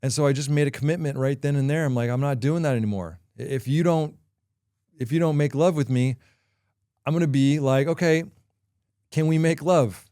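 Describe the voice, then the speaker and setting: A middle-aged man hosting a podcast, talking through a personal confession in a candid, halting way with frequent pauses. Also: medium pitch, dark tone, no echo, studio quality. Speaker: podcast host.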